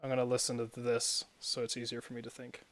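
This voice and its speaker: A man's voice: medium pitch, monotone, fast. A young man streaming and chatting casually while gaming, rambling and often laughing at his own stories.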